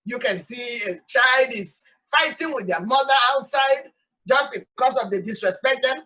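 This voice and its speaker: Animated Sierra Leonean woman hosting. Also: fairly high pitch, normal speed, recorded from a distance, poor audio. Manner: animated, emphatic, repeats "no, no, no". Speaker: host. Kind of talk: casual talk show monologue. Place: outdoors in hot sun.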